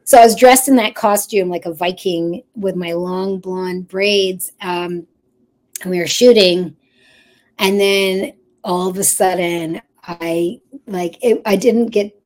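A woman's voice: on the low side, steady tone, slow, a little mellow. A woman in her thirties, a children's TV performer, telling stories as an interview guest, chatty and laughing often, doubling back mid-sentence. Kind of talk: casual interview storytelling.

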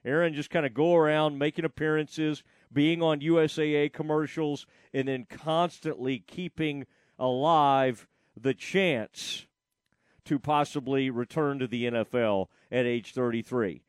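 Rambling sports talk host, dry sound. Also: male voice, fairly high pitch, fairly even intonation, a little slow, clean tone, no echo. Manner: rambling, with frequent fillers and restarts.

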